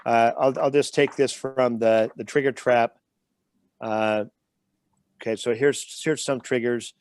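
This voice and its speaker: A man's voice: medium pitch, fairly even intonation, unhurried, a little mellow, clean tone, dry recording. A man as the guest speaker and trainer in an interview, explaining with everyday examples and stopping to check in with the listener.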